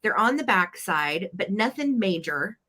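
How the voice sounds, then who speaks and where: A woman's voice: mid-range voice, sing-song, unhurried, pushed and bright. A woman co-hosting a live vintage sale, chatty and playful as she describes items in detail. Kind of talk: live-stream auction chat.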